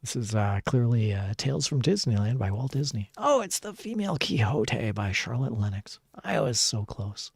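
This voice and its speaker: A man's voice: medium pitch, expressive, moderate pace, vocal fry, hardly any pauses, husky, no room sound, clean studio sound. A man chatting casually on a live stream, reading viewer messages aloud, laughing often and poking fun at his own mistakes. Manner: self-deprecating, rambling.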